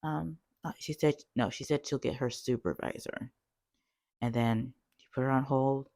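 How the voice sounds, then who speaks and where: A woman telling a call-center story in a chatty, animated storytime vlog, full of fillers. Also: rumbling low, normal speed, dry recording, studio quality.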